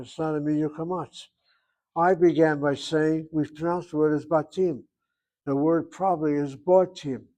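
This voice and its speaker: A man's voice: fairly high pitch, dark tone. An older man teaching a Hebrew grammar class, thinking aloud and reasoning back and forth as he explains.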